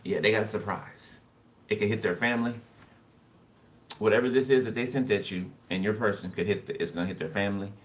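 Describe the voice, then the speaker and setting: A man's voice: lowish voice, brisk. A man giving a casual tarot reading, talking loosely to the viewer, laughing to himself and drawing cards as he goes. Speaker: tarot reader. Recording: distant mic with loud background noise.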